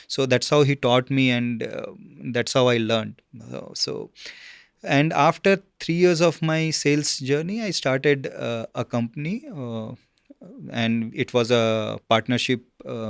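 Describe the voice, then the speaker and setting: A man, a guest telling his career story in a casual interview, halting with many fillers and "okay?" check-ins. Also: mid-range voice, clear, resonant tone, dry recording, clean studio sound.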